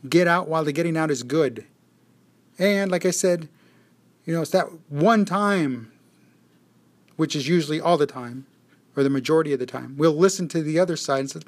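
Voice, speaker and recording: A man's voice: on the high side, normal speed, pauses often. A man giving a casual daily motivational monologue, reflective, often repeating phrases and shifting his pace.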